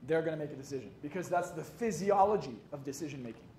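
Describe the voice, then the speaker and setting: High-voiced man telling jokey stories. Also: expressive, fast, a little mellow. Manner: swearing, jokey, acts out dialogue. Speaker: hypnotist and coach. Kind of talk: motivational storytelling talk. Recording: echoey room with faint noise.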